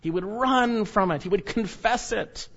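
A man delivers a sermon in a fairly high voice. He is emphatic, swinging between loud urging and low, hushed warnings. The recording sounds dull and lo-fi. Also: a little slow, breathy edge. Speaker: pastor.

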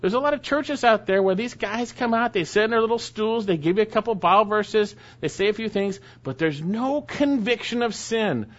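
A man preaching an expository sermon, reading scripture aloud slowly and then explaining it in plain, casual asides. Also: sits high, expressive. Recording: dull lo-fi sound.

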